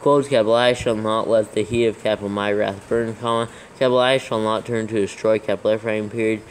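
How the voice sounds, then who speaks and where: A man reads text aloud slowly and carefully, calling out each capital letter, comma and period as he goes. His pitch stays flat and level, with little rise or fall. A faint hiss sits under the voice. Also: poor audio. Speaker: reader dictating scripture text. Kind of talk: dictation with spoken punctuation.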